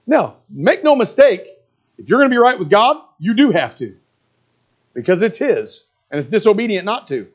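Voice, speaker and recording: High-voiced animated preacher man. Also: quick pace. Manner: earnest preaching with mocking quoted asides. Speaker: pastor. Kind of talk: sermon.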